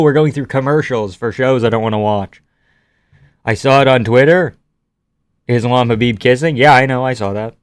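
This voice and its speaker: A man's voice: medium pitch, no echo, clean studio sound. A man from Canada streaming live, reading out viewer comments and answering them offhandedly with casual swearing.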